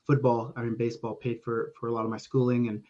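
A man's voice: mid-range voice, level tone, quick pace, a little mellow, lo-fi sound. A man from Oklahoma, a podcast guest telling stories casually, rambling with many restarts and casual swearing. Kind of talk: casual storytelling.

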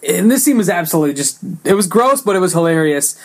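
A man's voice: high-pitched, big pitch swings, fast. A man casually recapping a comedy movie scene by scene, rambling and restarting his sentences as he goes.

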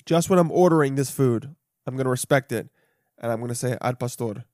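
A young man hosting a solo podcast, chatting casually and profanely, jumping between loud bursts and muttered asides. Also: mid-range voice, a little fast, no room sound, clean studio sound. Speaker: podcast host. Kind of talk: rambling solo podcast chat.

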